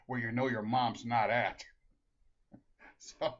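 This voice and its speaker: A man's voice: mid-range voice, little pitch movement, slow pace. A man from Minnesota telling comic jokes, chuckling often and restarting his phrases. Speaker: storyteller. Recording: dull lo-fi recording.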